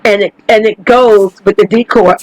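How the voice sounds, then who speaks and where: Woman chatting over her sim game, swears a lot, keeps going "you guys", mid pitch, dry close sound. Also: steady tone, moderate pace, darkish tone, dry recording, poor audio. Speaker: gaming channel host. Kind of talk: casual gameplay commentary.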